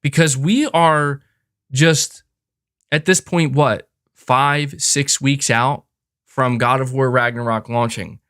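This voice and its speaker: A man's voice: medium pitch, fairly even intonation, slow, fairly bright tone, no echo, studio quality. Emphatic man ranting on a podcast. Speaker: podcast host. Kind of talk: casual opinion commentary.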